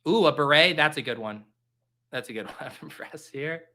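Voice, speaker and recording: A man hosting a live stream, making casual commentary full of jokes and quick exclamations. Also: on the high side. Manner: animated, joking, quick exclamations. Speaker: livestream host.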